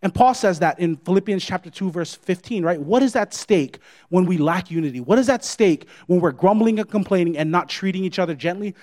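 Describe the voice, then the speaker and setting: A man's voice: high voice, lively intonation, fairly quick, hardly any pauses, darkish tone. A man preaching a sermon as pastor, emphatic, repeating his points and checking in with the congregation.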